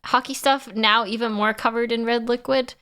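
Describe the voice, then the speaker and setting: A woman's voice: fairly high pitch, steady tone, normal speed, pushed and bright, smooth. A woman chatting casually on a livestream, laughing often and answering her chat. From Canada.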